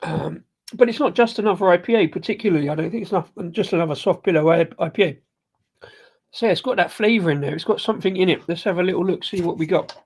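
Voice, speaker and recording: A man's voice: sits high, fast, breathy edge. A man hosting a casual live beer review, rambling and hesitant with lots of ums and restarts as he sips the beer while he talks. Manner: rambling, hesitant, full of ums and self-corrections; sipping and tasting beer while talking.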